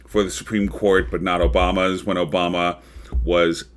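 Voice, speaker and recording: A man's voice: low-pitched, level tone, moderate pace. A man hosting his own livestream talk show, chatting casually about politics with frequent ums and rambling asides.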